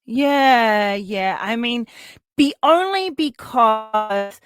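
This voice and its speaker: A woman's voice: a little high, lively intonation, drawn-out words, clear, resonant tone, dry recording, studio quality, soft background music. A woman hosting a podcast, chatting casually with enthusiasm and frequent interjections. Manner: enthusiastic, chimes in often. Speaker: podcast host. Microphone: podcast microphone.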